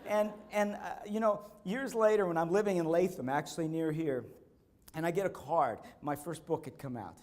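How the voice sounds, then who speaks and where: A man giving a motivational conference speech, telling personal stories with animated delivery and repeating key phrases. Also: on the high side, normal speed. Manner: acts out quotes, bursting into shouts. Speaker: keynote speaker. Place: conference stage.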